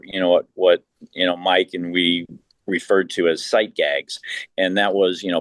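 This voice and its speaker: A man's voice: deep voice, no echo. A man being interviewed as a team executive, telling anecdotes with frequent repeated words and restarts. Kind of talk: storytelling in an interview.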